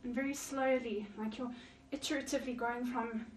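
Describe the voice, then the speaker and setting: In a slightly high voice at normal speed, a woman counts calmly through breathing and squat cues while performing them with her yoga class. She sounds a bit out of breath, and the audio is echoey with a far-off mic and light hiss.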